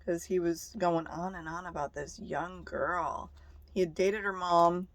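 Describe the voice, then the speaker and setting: A woman's voice: lowish voice, fairly even intonation, a little slow, dry recording. A young woman vlogger telling stories to the camera in a blunt, profane, casual way. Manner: blunt and profane, laughing between remarks.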